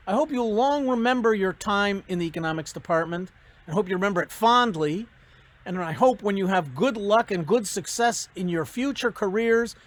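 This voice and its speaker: Brief: academic giving a recorded commencement speech, animated, storytelling. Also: medium pitch.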